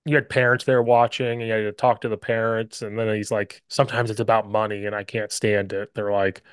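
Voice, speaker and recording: A man's voice: on the low side, a little fast, clear, resonant tone, no echo, clean studio sound. A man hosting a podcast, telling stories and acting out what others said in casual football chat. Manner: animated storyteller, acts out quotes. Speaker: podcast host.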